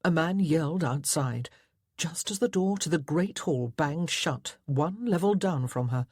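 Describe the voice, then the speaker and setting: A woman's voice: low voice, expressive, unhurried, a little mellow, breathy edge, dry recording, studio quality. A woman narrating a historical romance audiobook in a dramatic, tense storytelling manner. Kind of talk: scripted narration.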